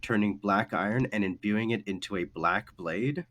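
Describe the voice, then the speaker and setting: Low-voiced man running a tabletop game. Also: normal speed, fairly bright tone, slight background noise. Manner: casual, rambling, profane. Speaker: game master.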